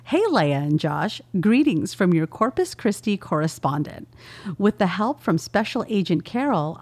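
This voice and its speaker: A woman's voice: on the low side, darkish tone, dry recording. A woman co-hosting a podcast, reading a listener email aloud with amused laughs. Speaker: podcast co-host.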